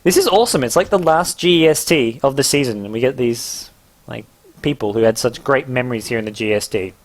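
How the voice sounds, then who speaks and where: A young man with an English accent giving live, joking play-by-play commentary on a video game, his pitch jumping up at big moments. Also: brisk. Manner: excitable, jokey play-by-play with sudden rises in pitch.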